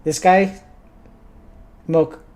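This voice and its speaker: A man's voice: fairly high pitch, little pitch movement, extremely slow, a little mellow. A man streaming a video game, chatting casually and jokingly while swearing freely. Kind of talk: gaming livestream commentary.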